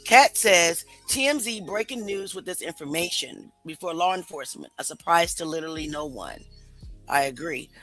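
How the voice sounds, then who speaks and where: A woman's voice: on the low side, lively intonation, moderate pace, music in the background, poor audio. A woman hosting a casual commentary stream, questioning what she hears and asking viewers what they think. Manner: skeptical, rhetorical questions to viewers. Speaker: commentary show host.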